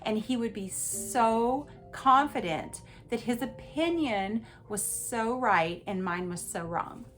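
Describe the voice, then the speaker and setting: A woman hosting a podcast, telling a personal story in an animated, emphatic way and talking straight to her listeners. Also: a little high, slow pace, few pauses, faint music behind. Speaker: podcast host.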